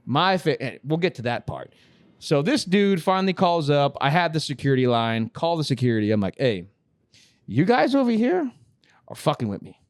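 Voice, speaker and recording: A man's voice: mid-range voice, no room sound, studio quality. A man hosting a podcast, telling a work story casually, swearing and acting out the other people's lines. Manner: animated, swearing, acts out dialogue. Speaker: podcast host.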